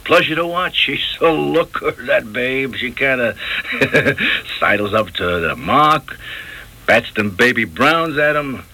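A slangy, fast-talking mob messenger. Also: male voice, medium pitch, expressive, sharp tone, full character voice, rough recording. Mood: sly. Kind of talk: 1970s radio drama acting.

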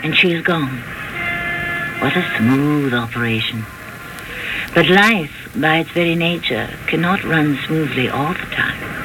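A man hosting and narrating a radio mystery drama in a measured storytelling manner. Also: a little high, music in the background, rough recording.

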